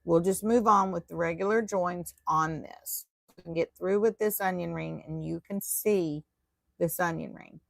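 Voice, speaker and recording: A woman's voice: fairly low pitch, normal speed, creaky, no echo. A woman teaching a live online tatting class, chatty and self-deprecating as she talks viewers through her work.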